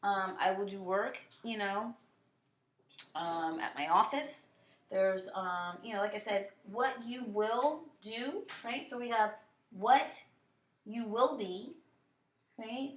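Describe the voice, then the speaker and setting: A woman's voice: medium pitch, slow, reverberant. A woman teaching a language lesson to a class, explaining step by step with frequent fillers and checks like "right?". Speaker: French teacher.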